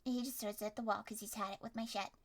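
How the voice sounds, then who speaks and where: A young woman streamer improvising a story with her chat in a playful, animated way, at times loud and at times hushed. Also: medium pitch, racing. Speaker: streamer running an interactive story.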